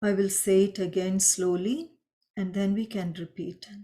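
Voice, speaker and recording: A woman teaching a Sanskrit chant, patiently explaining meanings and pronunciation step by step and chanting the lines slowly. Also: mid-range voice, steady tone, mellow. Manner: chants mantras slowly and drawn out. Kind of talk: slow spoken lesson with chanting.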